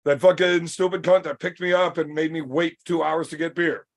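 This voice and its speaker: A man's voice: fairly high pitch, steady tone, normal speed. A Canadian man who arm wrestles, telling long profane stories on a casual podcast. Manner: profane, boisterous, rambling anecdotes.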